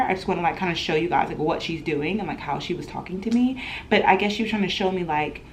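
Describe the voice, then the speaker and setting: A young woman in her twenties telling an animated storytime in a home vlog, chatty and full of laughs. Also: medium pitch, a little hiss or hum. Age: 20s. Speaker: vlogger.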